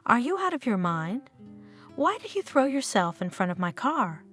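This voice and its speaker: A woman's voice: a little high, sing-song, moderate pace, a bit bright. A woman narrator voicing an irritated foreign woman tourist who snaps at a stranger, with faint guitar music behind. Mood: annoyed. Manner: irritated, snapping.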